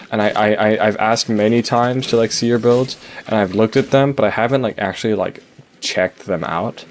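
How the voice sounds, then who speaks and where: Low-voiced rambling young gamer. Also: male voice, slight background noise. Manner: rambling, self-interrupting, frequent stutters and fillers. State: voice cracking, hiccups. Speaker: gaming channel host. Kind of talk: casual gameplay commentary. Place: home, late at night.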